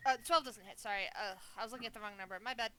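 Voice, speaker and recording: A woman's voice: on the high side, pushed and bright, low-quality recording. A woman acting as game master, narrating what the players see and making rules calls, now and then correcting herself. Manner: clear, quick rules calls with brief self-corrections.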